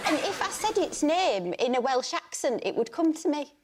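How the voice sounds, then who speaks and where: Deadpan woman comedian. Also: high voice, normal speed. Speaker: comedian panellist. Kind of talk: telling a comic anecdote. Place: TV studio with live audience. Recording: loud background noise.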